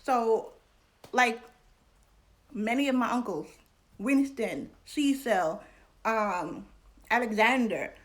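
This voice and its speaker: A woman with a fairly high voice hosts an educational vlog. She is candid and chatty, laughs often and slips into slang. Her delivery stays conversational and relaxed. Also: slow, long pauses. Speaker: vlog host and scholar. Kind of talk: casual educational talk.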